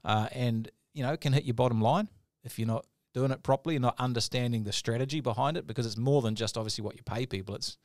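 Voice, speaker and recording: A man's voice: mid-range voice, fast talker, few pauses, dry recording, clean studio sound. A middle-aged man hosting a business podcast, talking energetically and acting out quoted voices. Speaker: podcast host. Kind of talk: casual podcast chat.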